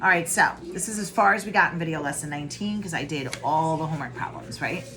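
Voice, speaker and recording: Chatty low-voiced woman teaching math at home. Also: fast, crowd noise. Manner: chatty and informal, addresses viewers directly. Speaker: college statistics teacher. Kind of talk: casual recorded math lesson.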